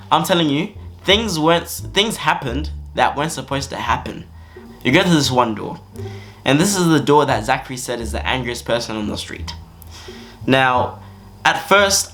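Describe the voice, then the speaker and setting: A young man telling a storytime vlog story in an animated, slangy way. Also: medium pitch. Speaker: vlogger. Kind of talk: storytime narration.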